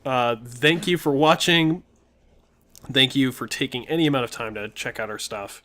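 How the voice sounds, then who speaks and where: A man's voice: medium pitch, moderate pace. Laughing man retelling a tabletop game. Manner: laughs often, animated retelling. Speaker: co-host of a gaming channel. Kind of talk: casual storytelling of a tabletop game.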